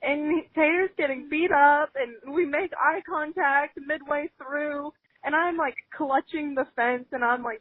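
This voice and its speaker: Woman co-host, emotional storyteller on the verge of tears; high voice, dry tinny sound. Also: unhurried, few pauses, no room sound. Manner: animated, emotional, fillers like "like". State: close to tears. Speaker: podcast co-host. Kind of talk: casual chat, storytelling. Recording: phone-like audio.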